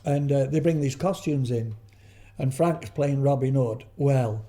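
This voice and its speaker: An older man chats as an interview guest, his voice mellow and warm. He wanders through anecdotes, restarting sentences and adding asides as he goes. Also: mid-range voice, a little slow. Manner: rambling storyteller, frequent restarts and trailing asides. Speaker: guest, veteran comedian.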